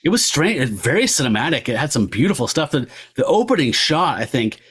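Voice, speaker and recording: Guy hosting a movie podcast, rambly, tons of likes and ums, middle pitch. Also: big pitch swings, brisk, a bit bright, breathy edge. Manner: rambling, heavy on filler words. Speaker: podcast host. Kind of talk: casual film podcast chat.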